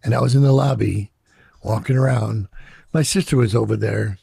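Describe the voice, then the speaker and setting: Gravelly, husky older man telling stories. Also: lowish voice, steady tone, normal speed, warm tone, no room sound. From Chicago. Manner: profane, reflective, acts out quoted voices. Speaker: interviewee. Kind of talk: candid storytelling in an interview.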